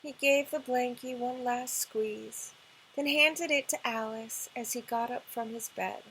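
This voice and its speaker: A woman reading a children's picture book aloud, gentle and expressive. Her voice sits high and bright, and she takes the lines slowly. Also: slight background noise, low-quality recording. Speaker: children's librarian.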